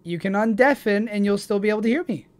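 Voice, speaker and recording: A woman's voice: medium pitch, quick pace, darkish tone. A nineteen-year-old woman streaming, chatting casually and affectionately with her audience and partner. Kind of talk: casual livestream chat.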